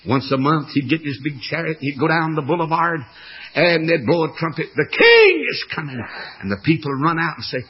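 An older man preaching a fervent storytelling sermon, with a raspy voice. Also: fairly high pitch, fast talker, dull audio.

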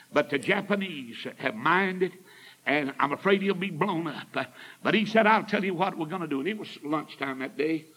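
An older preacher telling a story from the pulpit in a folksy, emphatic way. His voice sits high for a man, and he builds to fervent shouts. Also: poor audio. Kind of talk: storytelling sermon.

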